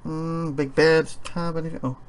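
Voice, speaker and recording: This let's play host sounds fairly high and fairly flat, speaking at a moderate pace. Tired and yawning, he reads out the game's text and fills the gaps with rambling talk and little chuckles.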